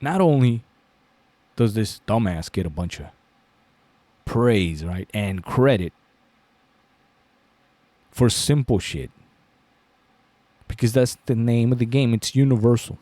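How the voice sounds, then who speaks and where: A man's voice: medium pitch, expressive, slow, long pauses, mellow, no echo. A man hosting a commentary channel, telling a fable in a profane way, often asking "right?" and chuckling. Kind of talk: storytelling commentary.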